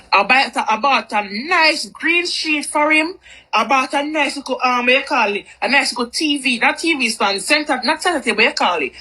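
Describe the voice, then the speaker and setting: A woman's voice: sits high, bright, forceful tone, a little hiss or hum, low-quality recording. A woman telling a personal story in a candid, rambling, chatty way. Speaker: vlogger. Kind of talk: storytime monologue.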